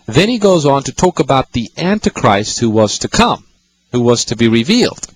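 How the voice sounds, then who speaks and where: A man's voice: mid-range voice, big pitch swings, normal speed, dry recording, low-quality recording. A man hosting a call-in radio show, patiently explaining Bible passages to callers. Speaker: radio Bible-teaching host.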